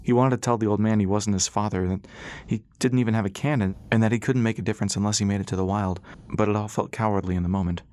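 Low-voiced male audiobook narrator. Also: fairly even intonation, fast, a little mellow. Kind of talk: scripted narration.

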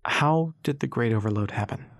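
A man's voice: medium pitch, a little fast, dry recording, lightly acted. Male reader as a curious young woman, nervous and hopeful, dry read. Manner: shaky, hopeful questions.

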